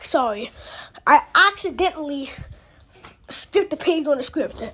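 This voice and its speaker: A woman's voice: sits high, unhurried, slight background noise. A woman casually narrating a made-up story from a small recording closet, rambling with chatty asides.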